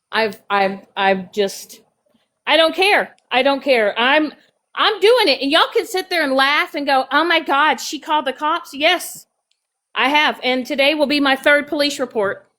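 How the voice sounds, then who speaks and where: High, bright-voiced woman ranting bluntly. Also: a little slow. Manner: blunt, profane, confrontational. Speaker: live stream host. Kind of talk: heated live stream rant.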